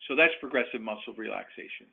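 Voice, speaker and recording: A man presenting a webinar, calmly guiding listeners through breathing and relaxation exercises, with frequent fillers and restarts. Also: medium pitch, fast talker, vocal fry, breathy edge. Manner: calm, instructive, with fillers and restarts. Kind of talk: guided relaxation instruction. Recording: phone-like narrow band webinar audio.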